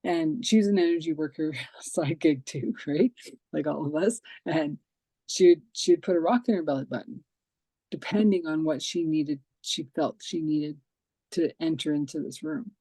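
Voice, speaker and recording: A woman hosting a casual interview podcast, telling lively stories and acting out the dialogue in them. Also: low-pitched, normal speed, no echo. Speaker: podcast host.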